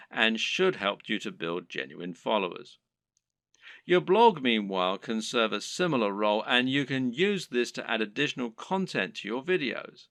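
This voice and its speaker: A man giving scripted narration for an online course in a steady, explanatory lecturing manner. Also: mid-range voice, no echo.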